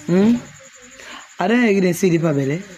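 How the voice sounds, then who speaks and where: A woman from Sierra Leone with a Krio accent, vlogging outdoors in a family compound on a handheld phone. She teases with quick questions and also explains things. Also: on the low side, expressive, dark tone. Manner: teasing, rapid questioning, then explaining. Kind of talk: casual vlog talk, teasing and touring.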